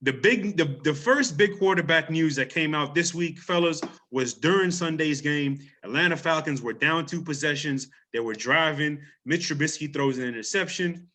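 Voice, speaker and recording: A man hosting a casual sports talk show, talking in an energetic, loose way with frequent restarts and an island lilt under his broadcast voice. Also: fairly high pitch, moderate pace, hardly any pauses. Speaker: podcast host.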